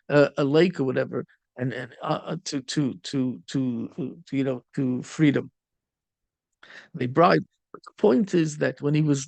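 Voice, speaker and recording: A middle-aged rabbi with a high, gravelly voice tells a story in a sermon, dropping Yiddish and Hebrew words as he goes. The sound is dry and close. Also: a little mellow, no room sound.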